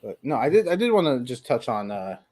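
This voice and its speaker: Man co-hosting with halting speech. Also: mid-range voice, very animated, a little mellow. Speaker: podcast co-host. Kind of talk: casual chat.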